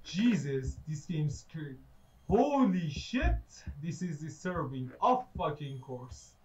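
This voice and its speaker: Man, high voice, swoops up and down, horror game commentary, jumpy, swearing, sarcastic. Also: highs cut off, slight background noise. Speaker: gaming YouTuber.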